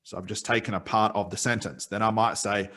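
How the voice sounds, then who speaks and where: A man's voice: on the low side, steady tone, a bit bright. A middle-aged man giving a recorded course lecture on hypnosis, explaining his points one by one. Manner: explains in numbered points, with quoted sample suggestions spoken slowly. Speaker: hypnosis trainer.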